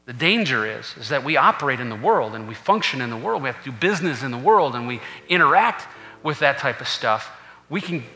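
Male pastor, bright forceful voice, chatty sermon, echoey church hall with faint music. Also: mid-range voice. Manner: conversational preaching with asides to the congregation. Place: church sanctuary.

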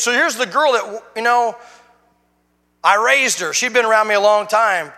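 High-voiced emotional preacher man. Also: moderate pace, big-room sound. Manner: emotional, swings from hushed to shouting. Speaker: guest speaker. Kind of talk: sermon testimony.

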